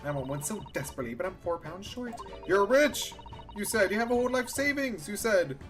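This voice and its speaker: A woman's voice: low voice, animated, rapid-fire, darkish tone, soft background music. A woman voicing a cheeky, clever ten-year-old girl who teases and gloats. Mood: gloating. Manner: teasing, gloating.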